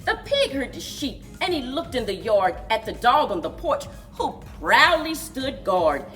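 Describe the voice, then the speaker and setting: Expressive woman reading a picture book. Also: sits high, measured pace, hardly any pauses, soft background music. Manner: expressive storyteller, big swoops for animal noises. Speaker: children's librarian.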